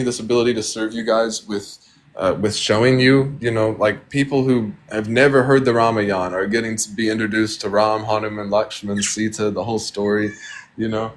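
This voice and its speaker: A man hosting a devotional livestream from home, talking casually in an earnest, grateful, rambling way. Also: on the low side. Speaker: livestream host. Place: at home with pet birds.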